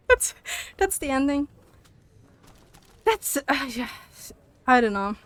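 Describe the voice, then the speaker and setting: A woman's voice: high voice, very animated, slow, a bit bright, dry recording. A young woman streamer chatting casually while gaming, ranting and laughing with frequent swearing.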